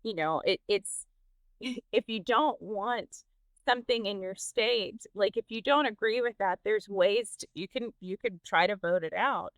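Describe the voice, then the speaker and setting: A woman's voice: mid-range voice, measured pace, no echo. Candid laughing woman podcast host. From Texas. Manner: candid, laughs often, hesitant restarts. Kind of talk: casual interview chat.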